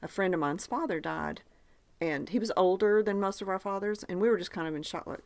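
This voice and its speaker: A woman hosts a podcast in a brisk, creaky, mid-range voice, recorded with no room sound. She's a chatty storyteller who leads the segment and steers the casual conversation.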